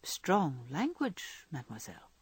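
A woman's voice: sits low, wildly swooping pitch, measured pace, husky, dry recording, pitched below the performer's own voice, full character voice. A woman reading aloud and voicing an idle young man who teases in a lazy, bland drawl. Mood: languid teasing. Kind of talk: audiobook character reading.

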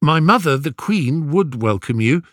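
An earnest young prince speaks in a raised, urgent voice that swings between eagerness and gloom, as a male narrator puts him on. The storybook delivery is unhurried despite the emotion, and the sound is dry and close. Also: a little high, lively intonation, a bit bright, no room sound, pitched above the performer's own voice.

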